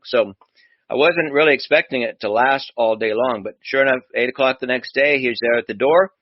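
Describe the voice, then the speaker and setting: A man, a doctor hosting a talk show, tells a long anecdote in a conversational way and acts out the dialogue as he goes. His voice sits at a middling male pitch. The recording is dry and somewhat dull. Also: brisk, dry recording. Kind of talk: chatty anecdotal storytelling.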